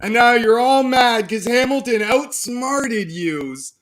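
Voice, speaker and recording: A young man streams a loose, profane rant, taunting his rivals and laughing at his own jokes. His voice sits high and bright. It swoops up and down as he scoffs. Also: expressive, slow. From Canada. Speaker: live streamer. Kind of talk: casual ranting livestream chat.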